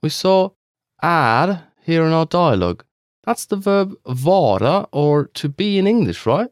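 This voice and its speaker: A man's voice: fairly high pitch, very animated, unhurried, dry recording, studio quality. A man co-hosting a scripted language lesson, upbeat and encouraging toward listeners.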